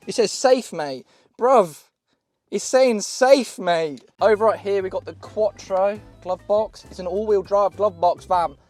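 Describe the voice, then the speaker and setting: A young British man casually showing off a cheap used car, excitable, joking and swearing as he goes. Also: sits high. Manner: excitable, swearing, laughing, jokey. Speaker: car vlogger. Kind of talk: casual car walkaround vlog.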